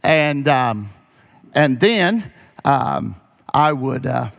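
A man's voice: mid-range voice, very animated, drawn-out words, gravelly, fairly bright tone. A pastor preaching a sermon, moving from folksy stories to emphatic calls to his congregation.

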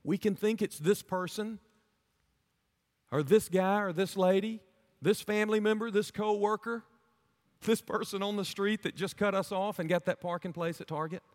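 This time the preacher speaks at normal speed in a high voice, earnestly putting rhetorical questions to the congregation during his sermon, with long hall reverb around him.

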